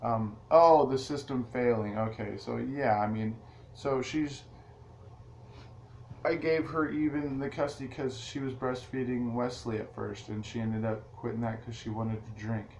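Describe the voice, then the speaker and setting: A man's voice: mid-range voice, steady tone, a little slow, creaky, a little mellow. A man vlogging straight to his viewers in a rambling, casual way, restarting his sentences often. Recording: echoey room with faint ambient noise.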